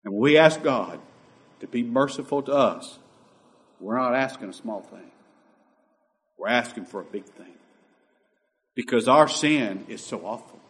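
A man preaching a sermon with passion, moving between loud emphatic lines and quiet, hushed asides. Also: mid-range voice, expressive, measured pace, pauses often.

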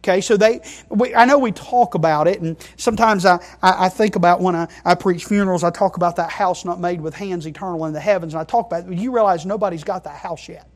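A man preaching a sermon, emphatic, moving between quiet asides and loud stressed phrases and often checking in with the congregation. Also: sits high, fast talker, hardly any pauses. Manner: emphatic, keeps checking in with "okay?".

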